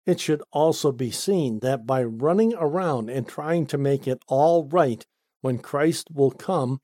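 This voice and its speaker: Slow, mellow-voiced man teaching scripture. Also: no room sound, clean studio sound. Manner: deliberate, stressing single words with sudden lifts in pitch. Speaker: Bible teacher. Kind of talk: read-aloud Bible study commentary.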